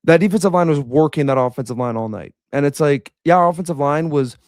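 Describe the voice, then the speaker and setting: A young man giving a blunt, animated reaction rant as a fan commentator. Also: a little high, fast, dry recording, clean studio sound. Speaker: sports commentator.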